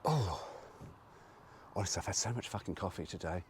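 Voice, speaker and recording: A man's voice: sits low, expressive, moderate pace, a little hiss or hum. A British man talking his way through a car review while driving, frank and rambling, swearing freely. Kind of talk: casual driving vlog. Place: inside a moving car. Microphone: GoPro camera.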